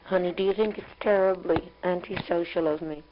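Young mother, low voice, calm and tender, reflective spoken letter on a muffled home tape with a faint hum. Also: fairly quick. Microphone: home tape recorder.

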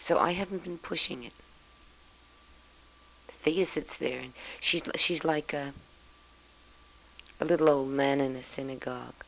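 A woman's voice: low-pitched, fairly even intonation, unhurried, gravelly, pauses often, a little hiss or hum. A young woman talks into a tape recorder, sending a spoken letter to her husband far away. She sounds chatty and fond, with an amused lilt. The sound is dull and muffled, like an old home cassette.

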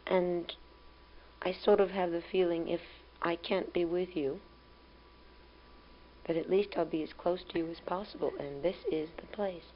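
A young woman with a low voice talks calmly and tenderly into a home tape recorder, rambling through family news as a spoken letter. The old tape sounds dull and carries a faint hum. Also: moderate pace, long pauses. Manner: calm, tender, rambling and reflective.

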